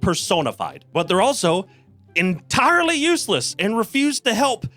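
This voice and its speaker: Man reviewer, animated and sarcastic, swears freely, slightly high. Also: moderate pace, faint music behind. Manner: sarcastic, profane ranting. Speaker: game reviewer. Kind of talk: scripted comedic video-game review.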